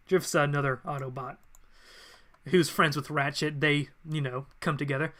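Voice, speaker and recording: A man's voice: fairly high pitch, steady tone, normal speed, fairly bright tone. Chatty man recapping comics. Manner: chatty, retelling with asides. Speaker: channel host. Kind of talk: casual comic recap on a stream. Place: home streaming setup.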